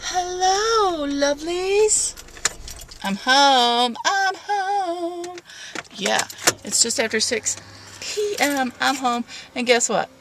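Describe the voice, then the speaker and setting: Speaking slowly in a high, expressive voice, a woman vlogs about her day from her bedroom, with background noise behind her. This casual video diary is candid and chatty, and she turns sing-song with her cat.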